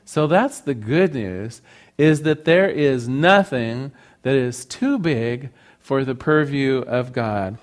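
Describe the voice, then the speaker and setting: A man giving a conversational sermon to a congregation, joking and animated as he speaks. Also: mid-range voice, takes it slowly. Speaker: speaker at a spiritual service.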